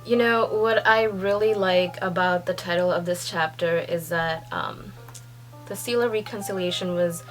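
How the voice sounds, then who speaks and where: A young woman reading a comic aloud and reacting as she goes, excitable and laughing, sometimes hushed and sometimes squealing. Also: lowish voice, moderate pace, soft background music, poor audio. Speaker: manga reaction reader. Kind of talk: casual read-along reaction.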